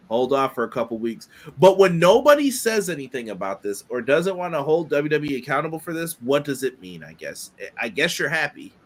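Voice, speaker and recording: A man co-hosting a casual wrestling podcast, giving animated, quick opinions with many fillers. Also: on the high side. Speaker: podcast co-host.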